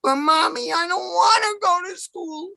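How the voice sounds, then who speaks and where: A man's voice: extremely high pitch, moderate pace, vocal fry, pushed and bright, no room sound, pitched above the performer's own voice, full character voice. A man voicing a grown man who whines and pleads like a schoolboy. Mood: whining. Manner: whiny, pleading.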